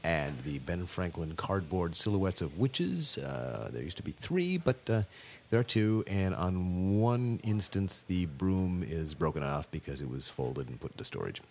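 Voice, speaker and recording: Guy hosting a radio show, deep voice, wry and wordy, bouncy delivery. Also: sing-song, unhurried, vocal fry, a little mellow, slight background noise. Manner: dry, wordy, wry humor with bad puns. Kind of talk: scripted comic radio monologue.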